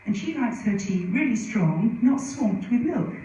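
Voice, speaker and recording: A middle-aged conference speaker tells anecdotes chattily with many asides, her mid-range voice lively in intonation, unhurried and warm. The recording is from afar in a very echoey hall at the venue, with highs cut off and slight background noise.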